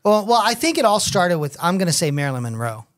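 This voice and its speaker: Brief: middle-aged male podcast host, slightly high voice, crude and animated storyteller, casual chat. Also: fast. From United States.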